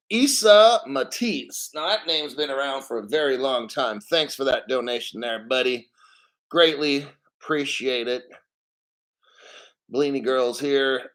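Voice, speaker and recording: Slow-talking, swearing male stream host. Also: medium pitch, fairly bright tone. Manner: rambling, profane, reads out viewer names. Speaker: crypto livestream host. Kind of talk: casual livestream chat.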